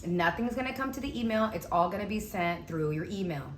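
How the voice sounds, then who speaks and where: A young woman telling a story in a casual vlog, chatty and animated, acting out the people she quotes. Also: medium pitch, fairly quick. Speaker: vlogger. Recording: echoey room with faint noise.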